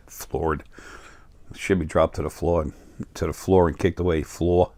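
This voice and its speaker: A middle-aged man with a New York accent rambles through a casual spiritual monologue, stopping often on fillers and restarting his sentences. His voice sits very low. The sound is dry and close. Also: steady tone, measured pace, warm tone, dry recording. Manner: meandering, many fillers and restarts. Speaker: spiritual video host.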